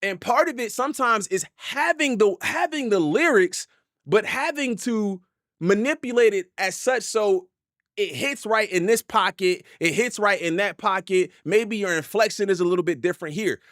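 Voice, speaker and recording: Animated male reaction streamer, high and lively, dry sound. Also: normal speed, no room sound. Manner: animated, repeats himself, laughs often. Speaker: hip hop reaction streamer. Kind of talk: live stream reaction commentary. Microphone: desk mic.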